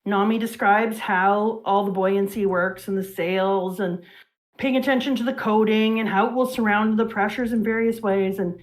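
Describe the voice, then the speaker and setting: A woman co-hosting a livestream, recapping a comic in an animated, giggly way. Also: medium pitch, moderate pace, low-quality recording. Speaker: co-host. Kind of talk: casual livestream chat and recap.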